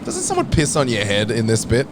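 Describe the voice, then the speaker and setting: A man live-streams a video game, chatting casually, cracking crude jokes and swearing plenty. His mid-range voice swoops wildly in pitch at a fairly quick pace, and background noise is clearly audible.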